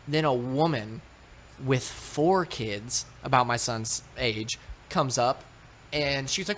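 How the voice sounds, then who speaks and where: A man from Texas, telling a story in casual podcast chat, animated and swearing often. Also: mid-range voice, measured pace, slight background noise. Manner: animated, swearing, acts out quoted voices. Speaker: podcast co-host.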